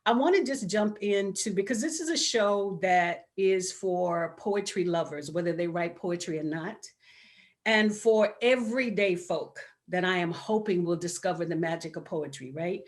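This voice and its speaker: Excitable woman hosting a talk show. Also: lowish voice. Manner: effusive, excitable, drawn-out welcomes. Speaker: host. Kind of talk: enthusiastic show intro and interview.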